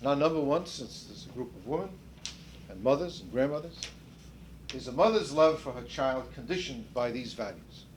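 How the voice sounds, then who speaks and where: The seminar leader, an older man, talks at normal speed in a medium pitch with lively intonation against a noisy background. His lecturing is conversational, full of restarts and rephrasings, and he puts questions to the participants.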